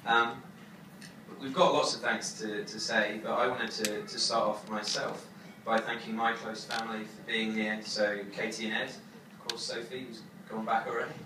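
A young man giving his wedding toast as the groom, halting with many fillers and fighting back tears. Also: on the low side, level tone. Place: wedding reception hall. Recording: echoey hall from far off, crowd noise.

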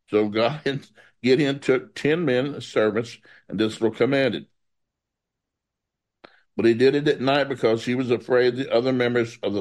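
A man preaching through a Bible passage, reading it aloud and breaking off into folksy asides. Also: medium pitch.

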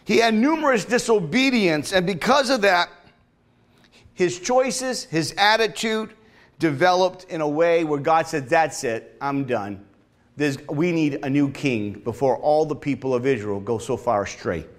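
In a church sanctuary, a male pastor with a regional accent delivers a sermon conversationally, calling on the congregation to answer back. His voice sits on the high side, with lively intonation and a slightly slow pace.

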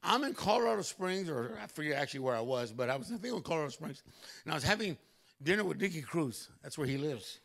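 Gravelly, high-pitched preaching man. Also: fast talker. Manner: animated storytelling with loud exclamations. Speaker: pastor. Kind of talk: sermon. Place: church.

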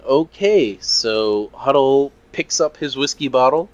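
A man's voice: medium pitch, animated, takes it slowly, muffled recording, a little hiss or hum. A man as a player in a tabletop roleplaying game, joking with friends. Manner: joking, playful. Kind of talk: casual game chat.

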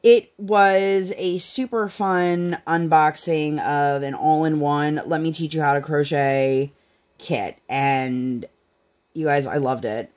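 A woman's voice: sits low, steady tone, takes it slowly, darkish tone. Young woman host, chatty and rambling, casual crafting chat at home. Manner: chatty and rambling, many "like" fillers.

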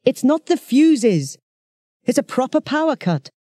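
A reader doing a brisk mum. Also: sits high, big pitch swings, warm tone, dry recording, clean studio sound, pitched above the performer's own voice. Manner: brisk, reassuring. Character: brisk mother calming her family.

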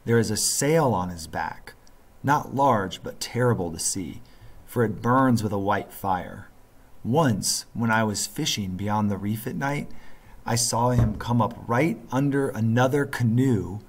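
A man reading aloud, voicing an old island grandfather from a storybook who tells tales in a low, hushed, solemn way. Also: measured pace, a little hiss or hum, natural voice.

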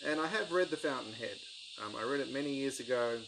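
A man's voice: mid-range voice, lively intonation, fast talker, background noise. Rambling man with crickets behind. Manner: rambling, enthusiastic, lots of ums. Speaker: book-collecting YouTuber. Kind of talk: casual book review vlog.

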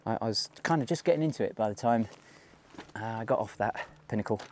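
A man's voice: lowish voice, quick pace, darkish tone, a little hiss or hum. Chatty man vlogging on a mountain trail. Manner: chatty, thinking aloud, self-mocking. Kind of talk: casual walking vlog.

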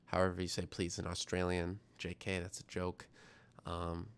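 A young man hosting a science stream speaks in a low, monotone voice that is clear and resonant, at normal speed. He reads the chat aloud as he rambles casually, often putting himself down.

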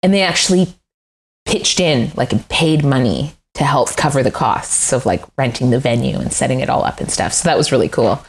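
A woman's voice: rumbling low, moderate pace. A middle-aged woman, a furniture designer, chatting candidly in an interview, self-deprecating and often laughing. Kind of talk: casual interview chat.

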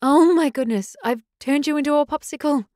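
For an audiobook, a woman voices an impulsive, chatty, clumsy young werewolf girl, speaking rapidly, excitably, and apologetically. Her voice is a little high and close to an everyday voice, recorded in clean studio sound without echo.

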